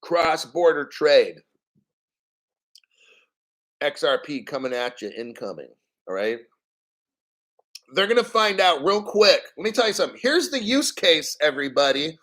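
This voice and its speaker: A man with a somewhat high voice rants on a casual livestream. He is profane and emphatic, and he keeps hammering his points with rhetorical questions. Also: very animated, a little slow, pauses often, fairly bright tone. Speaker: crypto livestream host. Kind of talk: casual live-stream rant.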